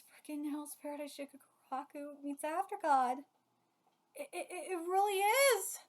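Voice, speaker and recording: Excitable high-voiced woman reacting to manga. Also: normal speed. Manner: excitable, gushing, swears freely. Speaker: channel host.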